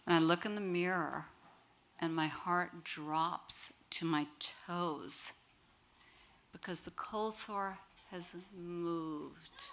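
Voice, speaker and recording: Bright-voiced woman telling a story. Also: lowish voice, measured pace. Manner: lively, wry, acts out quoted voices. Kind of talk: live personal storytelling to an audience.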